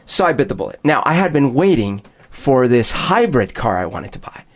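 A man's voice: medium pitch, moderate pace. Man, conversational storyteller who slips into other people's voices mid-anecdote. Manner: animated storyteller, acts out both sides of dialogue. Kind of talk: casual chat.

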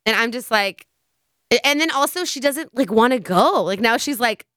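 A woman's voice: fairly high pitch, normal speed, no echo. Chatty young woman, dry close sound. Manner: chatty, animated retelling with quoted voices. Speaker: vlogger. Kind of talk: casual storytelling.

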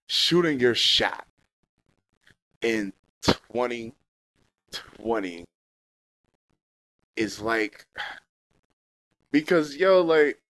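High-voiced young man ranting, dry sound. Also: no room sound. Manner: heated, repetitive, heavy slang and swearing. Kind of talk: casual profane rant to camera.

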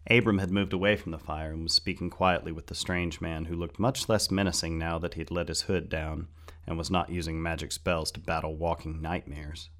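A man narrating a fantasy story in a steady, measured audiobook style. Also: deep voice.

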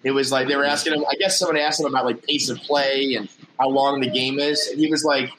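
A man's voice: medium pitch, steady tone, fast, a bit bright, a little hiss or hum, rough recording. A middle-aged man co-hosting a casual sports podcast, rambling with restarts and easy laughter. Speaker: podcast co-host.

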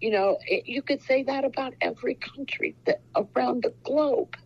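A woman's voice: sits high, moderate pace, husky, highs cut off. A woman in her sixties from Ohio, an author talking earnestly in a casual interview, rambling with many fillers. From Ohio, USA. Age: 60s. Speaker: author guest.

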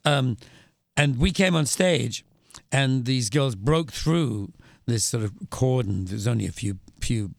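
An older man with an English accent tells his stories with dry wit, stopping and restarting mid-thought. His voice has a gravelly rasp, and it sounds close to the mic in a dead, dry room. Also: medium pitch, expressive, no room sound. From England. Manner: measured, wry anecdotes with frequent restarts. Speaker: guest, author and musician. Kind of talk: conversational storytelling interview.

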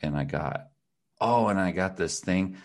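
A podcast co-host with a low, unhurried voice tells stories in casual, profane chat. He's an animated storyteller who jumps into exaggerated voices for the people he quotes.

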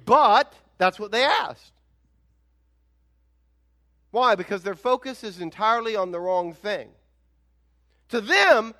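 A man preaches a sermon in a strikingly high voice. He keeps it conversational and animated, pushing his points home with emphatic rhetorical questions. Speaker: pastor.

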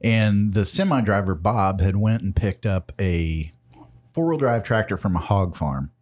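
Forties man, low husky voice, laid-back profane storyteller. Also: lively intonation, measured pace, a little mellow. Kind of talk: casual storytelling.

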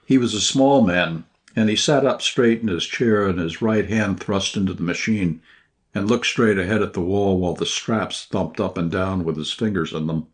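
A man reading a short story aloud in scripted first-person narration, at a measured, even pace. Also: sits low. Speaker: audiobook narrator.

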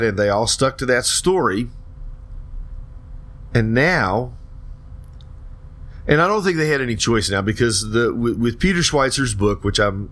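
A man's voice: medium pitch, fairly bright tone. Rambling talk-show host, man. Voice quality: rambling, with many restarts and hesitations. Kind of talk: casual talk-show commentary.

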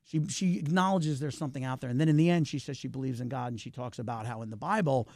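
A middle-aged man, a filmmaker guest in a casual interview, talks quickly in an animated, talkative way, his pitch swinging up and down. There's no echo.

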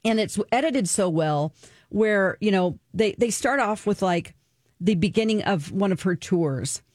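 A woman's voice: mid-range voice, unhurried, a little mellow, dry recording. Earnest woman talk-radio host, dry sound. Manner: earnest, emotional and open, sharing personal experience. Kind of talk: casual talk-radio chat, reviewing a documentary.

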